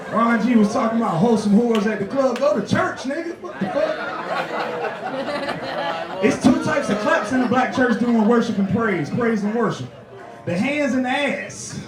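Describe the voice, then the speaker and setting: A male stand-up comedian performing a loud, animated, profane set and often laughing at his own jokes. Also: very high-pitched, moderate pace, far from the mic, heavy background noise. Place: comedy club stage with a live audience. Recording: echoey club recorded from afar, loud crowd.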